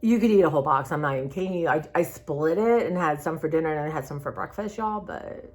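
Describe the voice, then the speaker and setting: A woman's voice: deep voice, fast, darkish tone. A woman talking candidly in a personal vlog, rambling and heartfelt in a confiding way. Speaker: vlogger.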